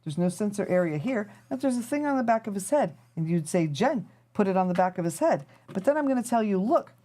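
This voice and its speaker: Woman host, live-stream chat, rambling and thinking aloud, lively up-and-down delivery. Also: medium pitch, brisk. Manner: chatty and rambling, thinking aloud while tinkering. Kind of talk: casual chat to a live audience.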